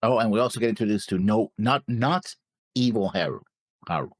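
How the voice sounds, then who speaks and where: A man's voice: fairly low pitch, brisk, no room sound. A man co-hosting an anime reaction show, chatting casually with short, laid-back replies. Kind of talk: casual chat.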